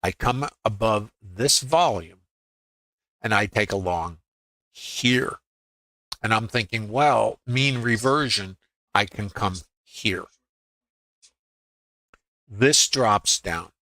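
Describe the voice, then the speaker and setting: A man's voice: fairly low pitch, slow pace, long pauses, pushed and bright, no echo. A middle-aged man on a live stream, walking through his trades on screen and thinking aloud, quoting his own inner voice as he goes. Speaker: trading educator on a live stream. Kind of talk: live screen-share trading review.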